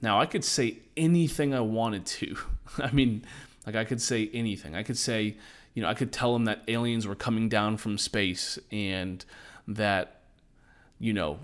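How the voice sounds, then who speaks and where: A man's voice: lowish voice, steady tone, unhurried. A man in his thirties hosting a short motivational podcast, talking in an earnest, conversational way with self-deprecating asides. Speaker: podcast host.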